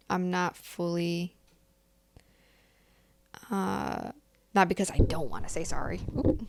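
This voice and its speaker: Low gravelly-voiced woman co-host. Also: dry recording. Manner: halting, searches for words. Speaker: podcast co-host. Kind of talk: casual faith podcast chat.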